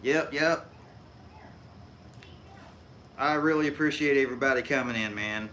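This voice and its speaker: A man's voice: medium pitch, a little fast, bright, forceful tone, a little hiss or hum. A middle-aged man with a Hoosier accent from Indiana, chatting casually on his live stream while he works, folksy and rambling with frequent chuckles. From Indiana, USA.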